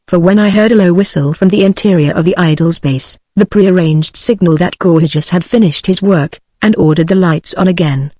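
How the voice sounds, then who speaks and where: A text-to-speech voice of a British woman reading a novel aloud in first person, with a steady machine cadence. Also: on the low side, no room sound. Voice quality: synthetic, even machine cadence. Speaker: audiobook narrator.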